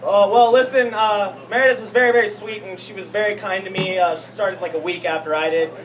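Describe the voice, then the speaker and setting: A man's voice: high voice, steady tone, a little fast, fairly bright tone. A man doing a stand-up comedy set on a club stage, profane and rambling, laughing at his own jokes. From Pacific Northwest. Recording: distant live club recording with crowd. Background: crowd laughing.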